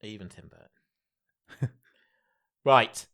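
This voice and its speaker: A podcast co-host reads out entertainment news in a chatty, casual way. His voice is lowish and sharp in tone, and he speaks extremely slowly.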